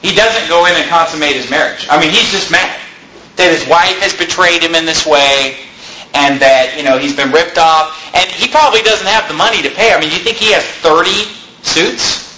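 A man's voice: on the high side, normal speed, pushed and bright. A man preaching a sermon, retelling a story in a casual, joking way. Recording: echoey room, faint noise.

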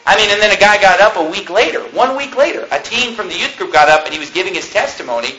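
A man's voice: high voice, animated, quick pace, bright, forceful tone, slight background noise, low-quality recording. A man preaching by telling a story, conversational and wry, tossing in "you know" and "okay?" as he goes. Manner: wry, joking asides. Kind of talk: sermon storytelling.

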